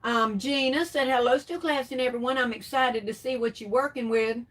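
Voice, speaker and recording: A middle-aged woman chats through a crafts livestream in a slightly high voice. She reads comments aloud and answers each viewer with easy terms of endearment. She laughs often as she talks. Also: a little fast. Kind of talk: casual live chat, reading comments.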